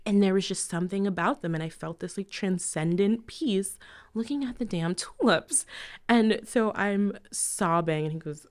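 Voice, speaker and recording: A middle-aged woman, a podcast guest, telling lively stories in casual chat, laughing often and sometimes dropping to a near whisper. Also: medium pitch, moderate pace.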